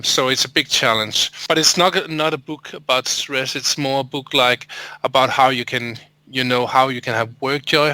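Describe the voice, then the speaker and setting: A Danish-accented man, a native Danish speaker, talking as an interview guest in a relaxed, conversational way. He often repeats words while he finds his phrasing. His voice is very bright and sharp, with a dry, close-miked sound. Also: mid-range voice, clean tone, dry recording, low-quality recording. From Denmark. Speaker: interview guest, coach and author. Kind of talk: casual interview chat.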